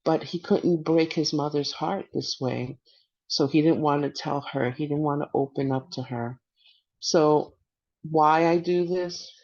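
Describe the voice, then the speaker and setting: Middle-aged woman, veteran panelist; halting testimony, lots of restarts, dull lo-fi sound. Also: deep voice, fairly even intonation, a little mellow. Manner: halting, hesitant, with many restarts. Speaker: veteran panelist and peer support worker. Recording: muffled lo-fi audio.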